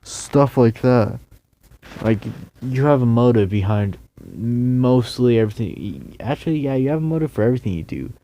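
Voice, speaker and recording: A man's voice: mid-range voice, lively intonation, moderate pace, dark tone. A tired man rambling through a sarcastic solo video rant, yawning and losing his train of thought. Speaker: YouTuber.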